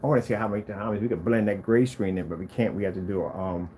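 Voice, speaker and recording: A man testing and showing off his own projector screens, talking casually to the camera and to himself, proud and quick to defend his product. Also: fairly low pitch, a little hiss or hum. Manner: animated, talks to himself as he browses.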